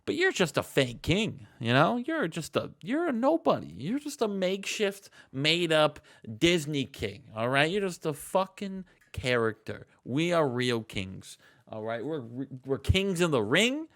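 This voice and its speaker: A man's voice: a little high, very animated, measured pace, fairly bright tone, heavily acted. A man doing a boastful wrestler trash-talking. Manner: brash, taunting, profane trash talk. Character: boastful male wrestler calling himself a real king.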